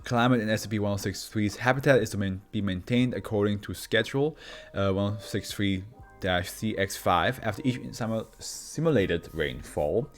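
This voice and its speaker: Over soft background music, a Swiss man whose native language is Swiss German hosts a channel where he reads horror fiction files aloud. He often breaks off into rambling chat and laughs a lot, speaking in a lowish voice at a moderate pace.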